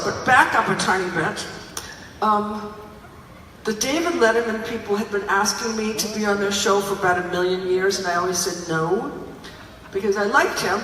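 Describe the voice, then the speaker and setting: A woman's voice: a little high, slight background noise. Older woman telling a story on a theater stage. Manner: animated, chatty, laughing, many fillers. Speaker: singer and stage performer. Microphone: audience phone recording from far off. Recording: echoey theater, phone from far off.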